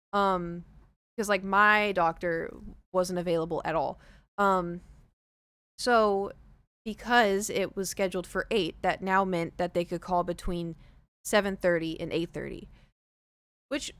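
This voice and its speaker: A woman streamer chatting casually to her viewers from home, telling a story in an animated way and acting out the quoted lines. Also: medium pitch, clean tone, no room sound. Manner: animated, acts out quoted dialogue. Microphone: streaming desk mic.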